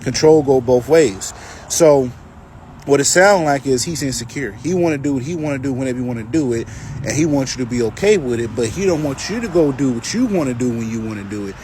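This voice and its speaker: A man talking through a reaction video in a casual, emphatic way. He repeats his points and preaches a little. His voice sits at an ordinary pitch, with faint background hum. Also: expressive, fairly quick, dark tone.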